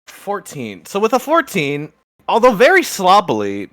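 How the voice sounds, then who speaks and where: A young man running a tabletop game as game master, telling the scene in a lively way. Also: high-pitched, measured pace, dry recording, studio quality. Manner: lively storytelling, slips into character voices.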